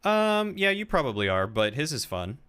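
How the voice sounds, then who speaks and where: A man's voice: medium pitch, big pitch swings, normal speed, fairly bright tone, clear, resonant tone, soft background music. A man chatting casually on a stream with a friend in a friendly, joking way. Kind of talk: casual chat.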